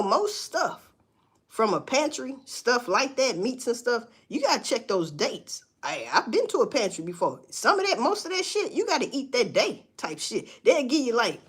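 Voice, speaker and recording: A livestream host with a high, slightly rough voice chats casually with her viewers, blunt and profane, breaking into emphatic outbursts.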